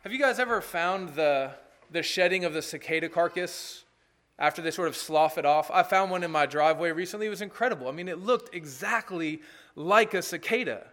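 A man's voice: fairly high pitch, brisk, a bit bright. A man preaching an earnest, emphatic sermon as pastor, with asides to the congregation.

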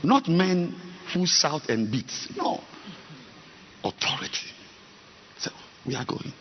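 A male pastor preaching a sermon, swinging between soft talk and sudden loud shouting. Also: fairly high pitch, wildly swooping pitch, slow, muffled recording, a little hiss or hum.

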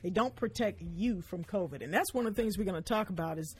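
A woman hosts a gospel radio program from the studio. Her voice is husky and a little breathy, and she talks in an easy, chatty way. She often repeats her points to drive them home. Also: medium pitch, quick pace. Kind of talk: casual radio chat.

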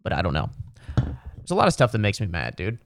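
A man's voice: lowish voice, wildly swooping pitch, a little fast, creaky, slight background noise. A young man hosting a casual solo podcast, telling stories in a profane, exasperated rant. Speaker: podcast host.

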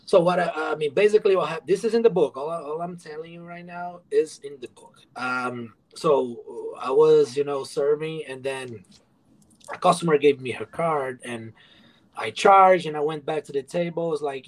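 This mid-range male voice moves at normal speed through a rough recording. He's an immigrant to the USA giving a blunt, profane podcast interview, telling his story and performing past exchanges.

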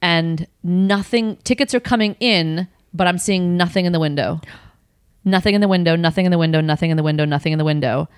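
Brief: woman, low voice, dry close mic, animated storyteller who swears freely. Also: a little fast, smooth, no echo. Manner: animated, swearing, acts out her own past lines. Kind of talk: casual chat, storytelling.

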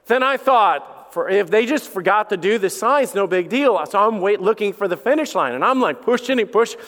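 This middle-aged pastor has a high, fairly bright voice and speaks at a moderate pace with plenty of animation. He delivers a loose, jokey sermon packed with fillers and restarts, and the church sanctuary adds a long hall reverb.

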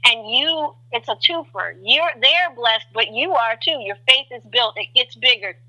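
A woman guest on a faith talk show, telling testimony as an animated storyteller who acts out voices with big jumps in pitch. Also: measured pace, dull audio.

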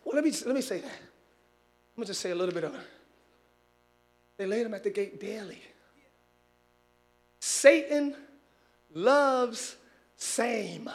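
A man's voice: high voice, lively intonation, unhurried, long pauses. A man preaching a sermon as pastor, calling out to his congregation and pushing them to answer back. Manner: shouting preacher, call-and-response with congregation.

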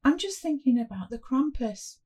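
A woman's voice: high voice, big pitch swings, normal speed, darkish tone, husky, pitched above the performer's own voice, heavily acted. A woman voicing a frightened five-year-old boy who speaks in a small, pleading voice in a spoken story. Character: scared little boy, five years old.

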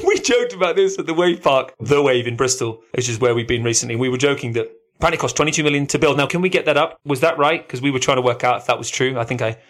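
A man co-hosting a podcast, chatting casually and animatedly, often jumping into a high excited voice. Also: quick pace, few pauses. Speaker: podcast co-host. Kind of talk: casual chat.

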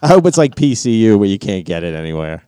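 Late 40s guy, really deep voice, grumpy blunt podcast chat, dry close mic. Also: very animated, fast talker, mellow, clean tone, no echo. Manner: blunt, grumpy, swears freely. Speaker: podcast co-host. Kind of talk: casual chat.

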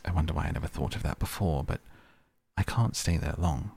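A man's voice: a bass voice, brisk, creaky, a little mellow, breathy edge, no room sound, full character voice. A man reading the part of a curious young girl who rambles and muses aloud to herself in a storybook. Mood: musing.

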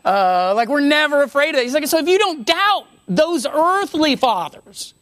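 A woman preaching a conversational sermon on scripture, animated, restarting her sentences and breaking off mid-thought. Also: sits high, normal speed, dry recording, clean studio sound. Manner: animated, conversational, with many restarts and self-interruptions.

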